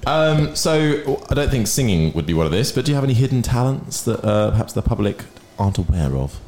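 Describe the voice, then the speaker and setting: A man's voice: medium pitch, very animated, a little fast, darkish tone, echoey room, a little hiss or hum. A man co-hosting a podcast, asking playful, teasing questions. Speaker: podcast co-host. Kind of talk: casual podcast interview.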